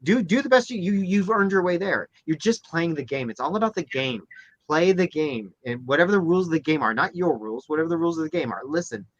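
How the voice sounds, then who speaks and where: The audio is dull as this man talks at a quick pace while co-hosting a casual chat show. Animated, he voices quotes in a high pitch and keeps restarting himself.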